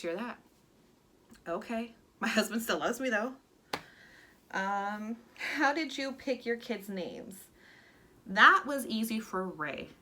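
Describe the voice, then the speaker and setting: Young woman vlogger, bright and open, chatty Q&A delivery with plenty of fillers. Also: medium pitch, a little hiss or hum. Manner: chatty and candid, many "like" fillers, gets emotional. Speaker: stay-at-home mom vlogger. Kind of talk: casual Q&A vlog chat.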